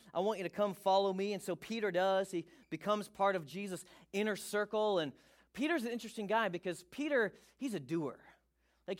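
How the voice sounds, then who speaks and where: A male pastor giving a sermon, reading scripture and joking with the congregation in a lively way. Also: high voice.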